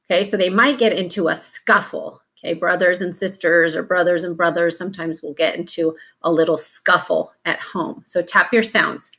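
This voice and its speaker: A woman's voice: on the low side, steady tone, moderate pace, hardly any pauses, pushed and bright. A woman teaching a phonics lesson, patiently sounding out letters one at a time and breaking words into syllables.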